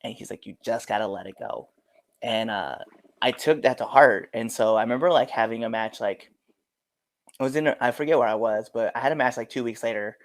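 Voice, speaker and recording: A man's voice: mid-range voice, a little fast, dry recording. A man with a mid-range voice tells wrestling stories in a loose, casual way. He acts out the lines of others as he goes. The sound is dry, with no room in it. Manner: animated storyteller, acts out quotes. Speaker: professional wrestler. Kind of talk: casual interview storytelling.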